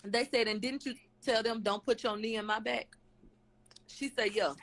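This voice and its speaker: A woman's voice: on the high side, steady tone, normal speed, low-quality recording. A woman on a live stream casually retelling a court hearing, relaying each question and answer with "they said, she said", frequent fillers and blunt asides. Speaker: channel host recapping a court hearing. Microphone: webcam or phone on a live stream.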